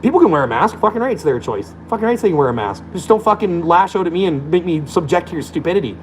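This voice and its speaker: A man's voice: on the high side, lively intonation, fast, a little hiss or hum, low-quality recording. A man delivering a blunt, profane, scornful rant to camera as a vlogger. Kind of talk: profane ranting monologue.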